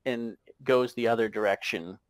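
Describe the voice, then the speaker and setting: A man narrating a tabletop game as game master, halting and chuckling as he goes. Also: medium pitch, steady tone, no echo. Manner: halting, many fillers and restarts, chuckling.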